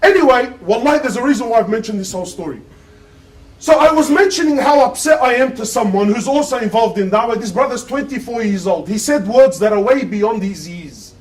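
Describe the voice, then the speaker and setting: A man's voice: very high voice, animated, fairly quick, recorded from a distance, low-quality recording. A man giving an impassioned sermon, firing rhetorical questions at his listeners. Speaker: preacher giving a Friday sermon.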